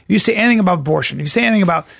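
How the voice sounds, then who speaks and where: Gravelly high-voiced man chatting. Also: expressive, racing, a bit bright, no room sound, clean studio sound. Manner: blunt, swearing, repeats words. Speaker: comedian guest. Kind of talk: casual podcast chat.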